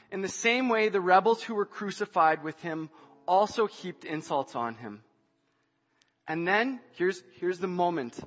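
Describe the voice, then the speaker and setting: Male preacher, high slow delivery, dull recording with faint music behind. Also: animated. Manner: swings from hushed reading to shouted emphasis. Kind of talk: sermon. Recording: dull sound, long hall reverb, faint music.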